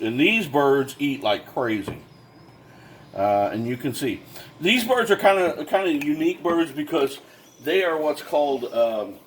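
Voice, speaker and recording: A man's voice: medium pitch, a little hiss or hum. A man who breeds birds gives a casual how-to demonstration, explaining step by step with lots of fillers and restarts. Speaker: bird breeder.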